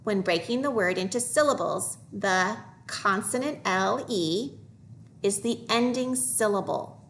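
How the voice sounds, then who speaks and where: Woman, primary teacher, phonics lesson; slow modeled reading, a little background hiss. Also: medium pitch, a bit bright. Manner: slow, deliberate modeling of words for young learners.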